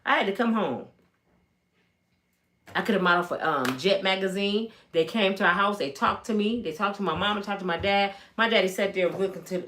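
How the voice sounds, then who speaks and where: A woman in her fifties casually telling stories to her live viewers from home, acting out the people in them. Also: on the low side. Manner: animated, acts out voices of people in her stories. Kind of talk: casual storytelling live stream.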